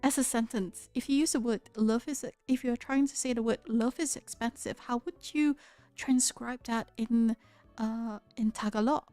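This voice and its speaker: A young woman with a Malaysian accent, chatting casually with her viewers on a livestream, curious and quick to laugh, often restarting her sentences. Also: fairly high pitch, fairly even intonation, warm tone, no echo, soft background music. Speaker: streamer. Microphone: close studio mic.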